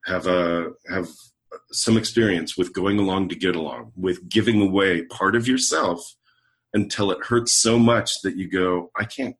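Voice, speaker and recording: His voice sits low and his pace is measured. The middle-aged guest on a podcast, a leadership coach, recounts something from his own life in conversation, bringing it to life by voicing the dialogue of each person.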